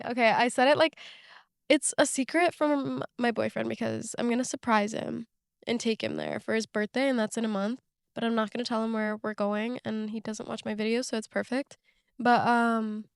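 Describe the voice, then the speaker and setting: A woman's voice: fairly high pitch, vocal fry, smooth, dry recording, studio quality. A woman of about twenty who is sick, talking in a chatty, rambling way with lots of fillers as she hosts her own podcast from a parked car. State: sick, under the weather. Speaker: podcast host. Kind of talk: casual chat. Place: parked car in a parking lot.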